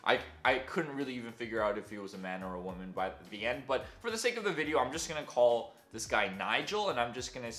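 A man's voice: mid-range voice, animated, quick pace, few pauses, fairly bright tone. A young man telling a story in a casual, self-deprecating way, with many fillers. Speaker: vlogger. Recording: echoey room with faint music.

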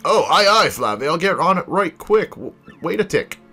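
A man voicing a rough-talking male ship crewman in a video game playthrough, with brash sailor slang. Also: on the high side, very animated, moderate pace, sharp tone, soft background music, full character voice. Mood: irritated. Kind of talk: let's play, reading game dialogue aloud.

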